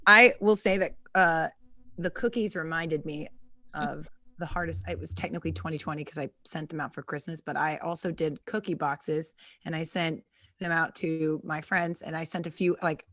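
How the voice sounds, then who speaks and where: A woman's voice: deep voice, steady tone, bright, forceful tone, no room sound, clean studio sound. A woman hosting a casual podcast chat, joking and playful. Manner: playful, quick jokes. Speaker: comedian host.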